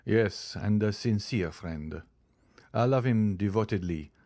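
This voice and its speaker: A man voicing an eager, earnest young nobleman in an audiobook, speaking in an earnest, warm-hearted way. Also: fairly low pitch, slow, dry recording, studio quality. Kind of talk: audiobook character reading.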